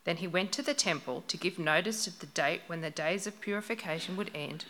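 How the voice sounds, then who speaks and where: A woman reading a scripture passage aloud in church, steady and measured. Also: fairly low pitch. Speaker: Bible reader.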